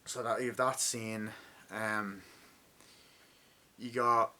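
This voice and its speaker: Bright-voiced man rambling through a film review. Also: fairly low pitch, fairly even intonation, slow pace. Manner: rambling, swears a lot; acts out scenes with shouted lines. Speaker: movie reviewer. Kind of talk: casual movie review.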